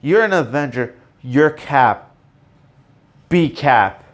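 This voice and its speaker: A man re-enacting an earnest male hero who slowly and insistently urges his friend to take up the shield. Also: mid-range voice, lively intonation. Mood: urging.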